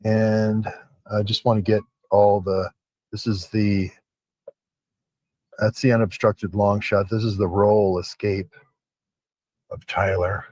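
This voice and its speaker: A man's voice: fairly low pitch, little pitch movement, slow pace, long pauses, a little mellow, no room sound. A man giving casual, rambling commentary over video clips as a channel host, posing rhetorical questions.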